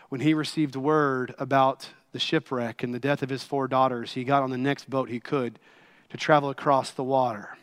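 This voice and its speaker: A man preaching a sermon, impassioned, swinging between loud pleading and hushed quiet. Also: medium pitch.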